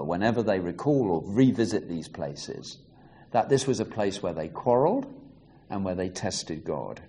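A man with a fairly low voice gives a teaching talk on reading scripture. He explains in a measured, deliberate way, and his pitch moves a lot as he reads passages aloud with emphasis. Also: mellow. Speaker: Bible teacher.

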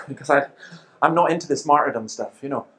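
Man giving a lively church talk. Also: medium pitch, brisk. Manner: lively storytelling with quoted exchanges and asides. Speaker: Christian speaker.

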